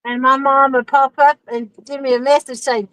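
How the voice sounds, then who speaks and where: A woman's voice: sits high, little pitch movement, moderate pace, a bit bright, no room sound, low-quality recording. A woman, hosting a fishing livestream from a boat, chatting casually and laughing often as she greets viewers by name.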